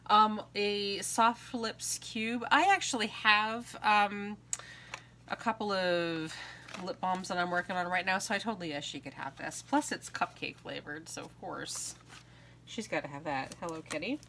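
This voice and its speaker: A woman in her thirties from the United States, who makes craft vlogs, casually shows off the mail she received. Her medium-pitched voice is pushed and bright and moves a little slowly over slight background noise. Giggly and chatty, she tends to trail off with ums.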